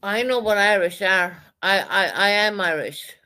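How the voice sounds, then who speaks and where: A woman on a livestream rants at her chat in a heated, profane stream of talk. She keeps circling back to the same accusations and singles out viewers by name. Her voice sits at a middle pitch for a woman. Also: unhurried, sharp tone. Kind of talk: angry livestream rant.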